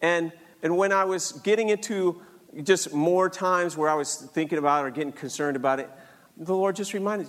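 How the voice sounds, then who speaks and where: An older man with a fairly high voice tells a personal story earnestly. His words ring with a long hall reverb. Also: normal speed. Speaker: speaker sharing a faith story.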